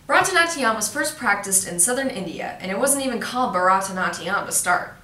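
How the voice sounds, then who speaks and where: Bright, teasing young woman presenter. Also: mid-range voice, expressive, fairly quick, hardly any pauses, a little hiss or hum. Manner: playful, teasing asides to viewers. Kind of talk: jokey educational explainer. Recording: roomy echo, mic at a distance.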